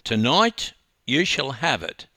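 A man voicing a big, affable man who answers bluntly and calmly. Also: mid-range voice, slow, dry recording, clean studio sound, full character voice. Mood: reassuring.

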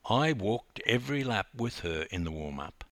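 A man's voice: lowish voice, normal speed, no room sound. Man, coach-narrator, dramatic memoir delivery, dry close sound. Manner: animated, dramatic retelling that rises in intensity. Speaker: swimming coach.

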